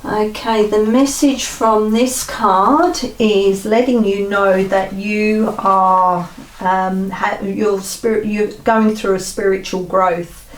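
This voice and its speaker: Woman card reader, slow and gentle oracle reading, roomy sound, mic set back from her. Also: mid-range voice, fairly even intonation, far from the mic. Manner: slow, gentle, pausing with fillers.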